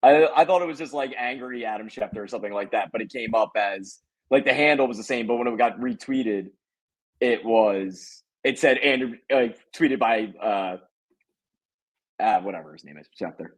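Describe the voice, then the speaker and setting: A man chatting as a guest on a sports podcast, telling stories in a laid-back, halting way. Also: medium pitch, low-quality recording. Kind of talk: casual chat.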